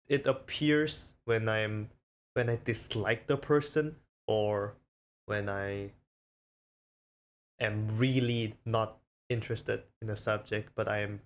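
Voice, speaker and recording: A man streaming casually, rambling and self-conscious as he shows off the different voices he talks in. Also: mid-range voice. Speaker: VTuber streamer.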